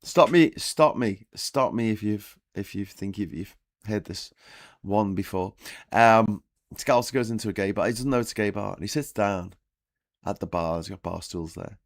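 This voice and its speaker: A man's voice: on the low side, normal speed, no echo, studio quality. Hungover man rambling through a morning chat. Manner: rambling, with frequent restarts. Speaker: live stream host. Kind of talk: casual morning chat and joke telling.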